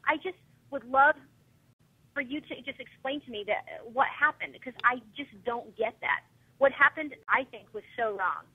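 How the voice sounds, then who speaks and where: A woman's voice: high-pitched, normal speed, slightly rough. Upset woman on a tinny phone line. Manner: animated, upset retelling with many fillers. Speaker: guest caller, parent of a fan. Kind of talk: phone interview, telling a story. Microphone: telephone.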